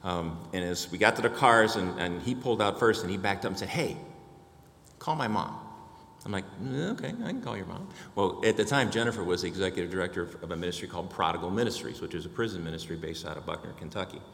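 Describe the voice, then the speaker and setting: A man's voice: low voice, very fast, few pauses, fairly bright tone, reverberant, long reverb tail. An older man giving a personal testimony to a church congregation, telling his story and acting out the dialogue.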